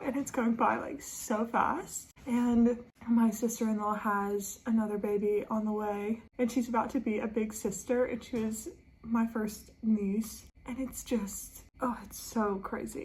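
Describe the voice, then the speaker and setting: A woman's voice: on the high side, a little mellow, rough recording. A woman in her twenties chatting casually to a phone camera at home, rambling with lots of fillers and emotion. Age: 20s. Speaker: vlogger. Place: at home, indoors.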